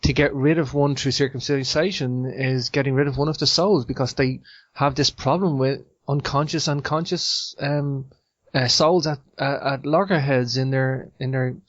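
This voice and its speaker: Animated male podcast host, lo-fi sound. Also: normal speed, no echo. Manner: animated storyteller with sudden high-pitched outbursts. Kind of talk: casual chat. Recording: muffled lo-fi dry sound.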